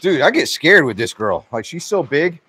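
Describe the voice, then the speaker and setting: Breathless excitable man on a farm. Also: fairly high pitch, normal speed, a little hiss or hum. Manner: excitable, laughing, talking to animals. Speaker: vlogger. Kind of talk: casual vlog while feeding farm animals. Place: outdoor farm pen.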